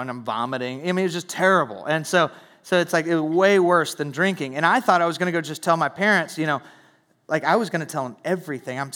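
A young man preaching and telling his own testimony, earnest, repeating words and falling to a hush at low moments. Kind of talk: sermon testimony.

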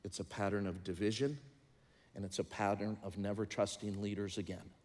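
Preaching pastor in a reverberant hall. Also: male voice, lowish voice, steady tone, fairly quick. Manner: swings from loud preaching to quiet confiding talk. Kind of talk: sermon. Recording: long reverb of a large hall.

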